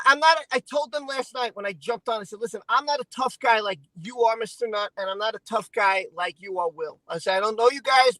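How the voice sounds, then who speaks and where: A man hosting a casual stream, venting in an emotional, halting, repetitive way. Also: extremely high pitch, fairly bright tone, no echo, low-quality recording. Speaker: channel host.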